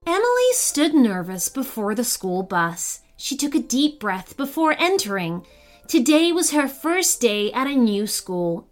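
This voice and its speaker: A woman reading a storybook tale aloud as the host, with expressive, lively delivery. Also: fairly high pitch. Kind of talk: scripted storybook narration.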